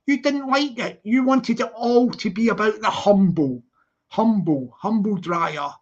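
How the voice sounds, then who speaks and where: Livestreamer, rambling, repetitive filler talk, mid pitch, dull lo-fi sound. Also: measured pace. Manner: repetitive, lots of "you know what I mean". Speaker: livestream commentator. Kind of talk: live rambling commentary. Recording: lo-fi livestream audio.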